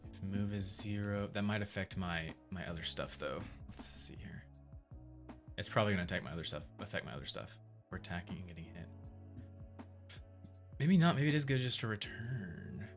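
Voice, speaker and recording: Low-voiced man thinking aloud. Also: moderate pace, faint music behind. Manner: thinks aloud while testing, relaxed. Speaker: game developer and streamer. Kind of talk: casual livestream commentary.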